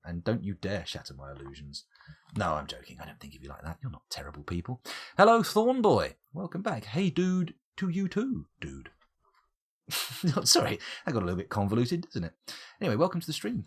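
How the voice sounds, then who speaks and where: Chatty streamer, low and animated, jokes and mutters through play. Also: male voice, slight background noise. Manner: chatty, joking, mutters at the game. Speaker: game streamer. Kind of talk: casual let's-play commentary.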